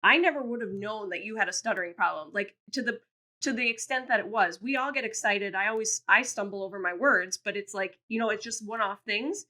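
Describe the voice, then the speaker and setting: A woman's voice: mid-range voice, fairly quick, sharp tone. A woman co-hosting a podcast, earnestly encouraging her guest in casual chat. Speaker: podcast host.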